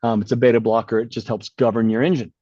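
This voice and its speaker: A middle-aged man speaks fast in a mid-range voice, captured in lo-fi sound with no room ambience. As a podcast co-host, he tells a personal story in casual, blunt fashion, bringing it to life by acting out the dialogue.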